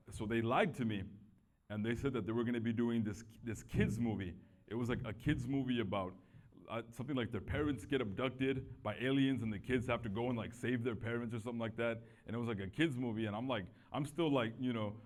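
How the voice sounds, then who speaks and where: A young man shares his testimony in an easygoing, conversational way. His voice sits at an ordinary middle pitch, and he often breaks into quoted dialogue with plenty of "like" and restarts. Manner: chatty storytelling, acts out quoted speech, many fillers and restarts. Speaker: guest giving testimony. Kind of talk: casual testimony talk.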